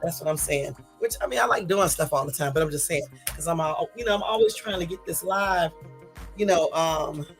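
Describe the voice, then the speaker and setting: A woman's voice: low voice, brisk, faint music behind. A woman hosting a casual live stream, tired and a bit out of breath, chatting loosely and rambling to her viewers. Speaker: YouTube live host.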